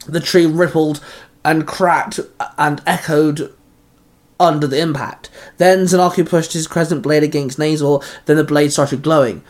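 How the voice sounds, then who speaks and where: A man reading a fan fiction story aloud in a steady, even narration. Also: fairly high pitch.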